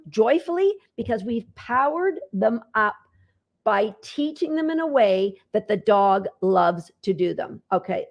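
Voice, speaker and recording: A woman's voice: a little high, vocal fry, dull audio. A woman dog trainer giving an upbeat online lesson from home, talking to her dogs as she teaches.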